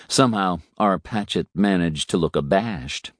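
A man doing scripted narration of a story in a slow, deliberate reading. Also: low voice, no room sound, studio quality.

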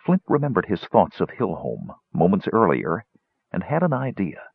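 Husky low-voiced male narrator. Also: wildly swooping pitch, normal speed, no echo. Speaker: audiobook narrator. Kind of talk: scripted fantasy narration. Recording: dull, dry lo-fi recording.

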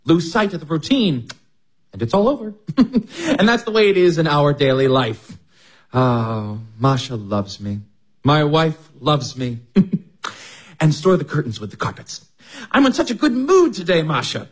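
A chatty fussy teacher, bouncy sing-song voice, kinda husky, radio play. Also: male voice, a little high, big pitch swings, a little slow, exaggerated voice. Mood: cheerful. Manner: chatty and fond of his own sayings. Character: middle-aged male schoolteacher, fussy, cheerful, self-pleased. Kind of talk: radio drama acting.

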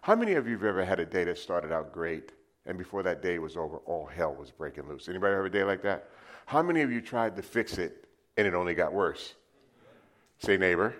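A man's voice: low-pitched, animated, fairly quick, fairly bright tone. An older man from New City, giving a testimony sermon and telling his story in a conversational way, drawing the congregation into call-and-response. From New York City. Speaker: preacher.

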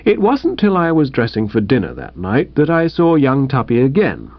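A man's voice: medium pitch, huge pitch swings, normal speed, hardly any pauses, no room sound, muffled recording. A man narrating a comic novel in a jaunty, upper-class storytelling manner. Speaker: audiobook narrator.

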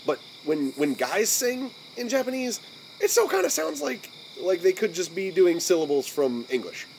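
An American man with a General American accent hosting a podcast in casual chat. He rambles, restarts often, and fills his talk with "like", and his voice jumps high when he is amused. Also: sing-song, moderate pace, gravelly, darkish tone, a little hiss or hum, poor audio. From United States. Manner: rambling, many restarts and "like" fillers. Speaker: podcast host.

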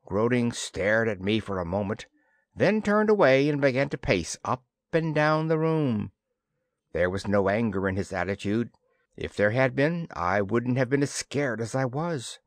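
A man reading a first-person science fiction story with expressive, dramatic narration. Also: medium pitch, no echo, clean studio sound. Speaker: audiobook narrator.

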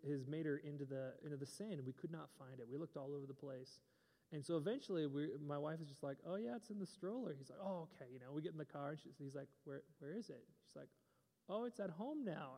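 Young male pastor, chatty and joking from the pulpit, a touch high-voiced, long hall echo. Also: warm tone. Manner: joking, conversational, playful asides. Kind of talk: casual sermon.

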